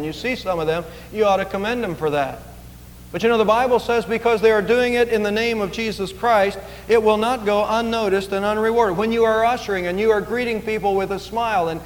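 Male pastor, high voice, emphatic sermon delivery, church reverb. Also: slight background noise. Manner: earnest, emphatic preaching with repetitions. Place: church sanctuary.

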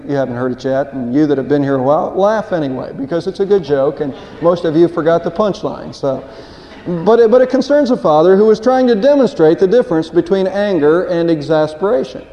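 A man delivers a sermon in a high, mellow voice, earnest and plain-spoken, repeating a word here and there. The recording is dull and lo-fi, and a long reverb hangs in the church around him. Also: brisk. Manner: earnest preaching with a folksy joke, some repeated words. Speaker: pastor. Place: church sanctuary.

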